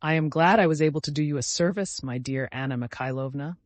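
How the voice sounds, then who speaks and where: A man doing a haughty, monotonous prince. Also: fairly high pitch, fast, no room sound, lightly acted. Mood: cold. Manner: monotonous, brusque. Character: haughty aristocratic prince, indifferent and cold.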